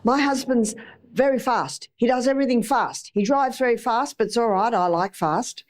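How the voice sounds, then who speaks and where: A woman's voice: on the high side, moderate pace. Chatty Australian woman giving a talk. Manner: chatty, repeats phrases for emphasis. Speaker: health lecturer. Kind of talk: live talk to an audience.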